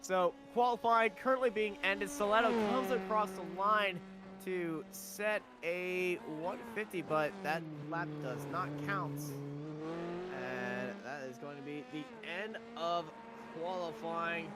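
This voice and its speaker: A man commentating a sim race, calling qualifying and reading off the starting grid in brisk play-by-play. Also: sits high, over loud music.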